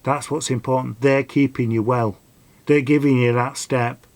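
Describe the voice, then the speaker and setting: A man's voice: mid-range voice, fairly even intonation, moderate pace. A middle-aged man, telling a rambling personal story and giving earnest advice in a casual vlog. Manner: rambling, earnest, dialect grammar. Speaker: vlogger.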